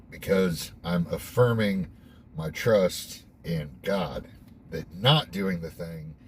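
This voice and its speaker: A man's voice: low-pitched, a little hiss or hum. A young man hosting a casual devotional monologue, candid and reflective, who swears offhandedly. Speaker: host.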